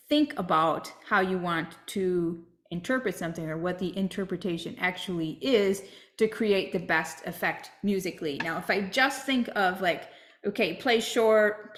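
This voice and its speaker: A woman's voice: fairly low pitch, reverberant. A woman teaching a flute masterclass, explaining step by step and checking in with "right?".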